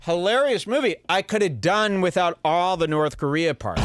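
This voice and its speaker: A man hosting a podcast, giving sarcastic, deadpan commentary on film clips into a studio mic. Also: fairly high pitch, moderate pace, hardly any pauses, noisy background. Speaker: podcast host. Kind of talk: casual commentary. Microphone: headphones and studio mic.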